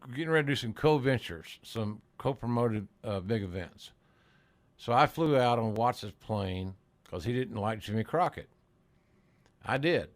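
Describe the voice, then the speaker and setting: Folksy older man hosting a podcast. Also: lowish voice. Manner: folksy, salty, chuckling storyteller. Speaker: podcast host. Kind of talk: casual interview chat.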